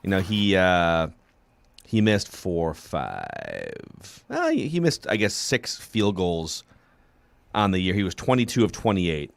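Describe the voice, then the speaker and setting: A man hosting a casual sports podcast, relaxed and thinking aloud with hesitations. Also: deep voice, slow pace, creaky. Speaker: podcast host.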